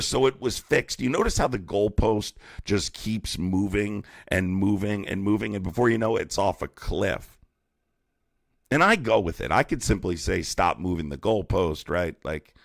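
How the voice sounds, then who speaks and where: A man's voice: fairly low pitch, creaky, a bit bright, no echo, studio quality. A man hosting a heated live-streamed debate, mocking and profane as he argues with callers. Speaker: livestream debate host.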